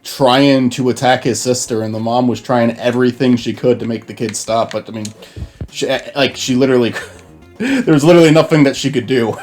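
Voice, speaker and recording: A man's voice: mid-range voice, a little fast, a little mellow, faint music behind. A man hosting a casual gaming chat, rambling with many restarts. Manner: rambling, full of fillers and restarts. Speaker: host and gamer.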